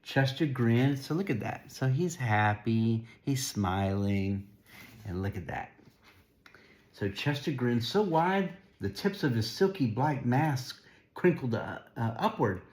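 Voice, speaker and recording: A man's voice: medium pitch, expressive, slow pace, darkish tone. A man reading a picture book aloud to a child, stopping casually to point at the pictures and explain. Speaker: storybook reader.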